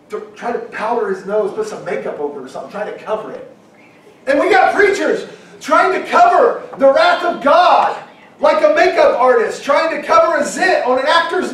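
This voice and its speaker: High-pitched preacher in an echoey hall. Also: male voice, recorded from a distance. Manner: emphatic, rising to shouts, acting out quoted objections. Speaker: pastor. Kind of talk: sermon. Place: church hall.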